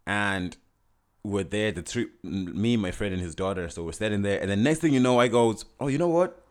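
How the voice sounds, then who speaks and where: Deep-voiced man telling a story casually. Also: moderate pace, smooth. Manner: animated, frequent restarts and quoted dialogue.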